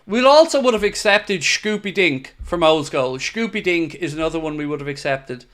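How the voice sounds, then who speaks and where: A man hosting a live football watchalong, excitable and blunt, swearing freely as he talks. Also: fairly high pitch, moderate pace. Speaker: host of a fan watchalong.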